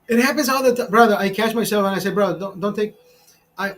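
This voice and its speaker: A man in his forties with a high voice, hosting his own channel and chatting loosely over a beer. He swears often, restarts his sentences, laughs at himself and keeps calling the listener brother. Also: fairly bright tone, low-quality recording. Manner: profane, rambling, many restarts; frequent laughter. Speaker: channel host. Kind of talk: casual storytelling over a beer.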